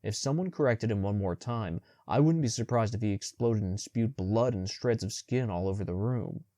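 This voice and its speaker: A man narrating a young adult audiobook in the first person with steady, measured storytelling. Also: fairly low pitch, no echo, studio quality.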